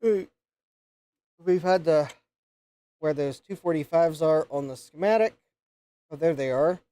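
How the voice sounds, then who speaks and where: A man's voice: on the high side, measured pace, dark tone. A man hosting a live repair stream, thinking aloud and counting pins as he checks a circuit board. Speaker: host of a retro computer repair livestream.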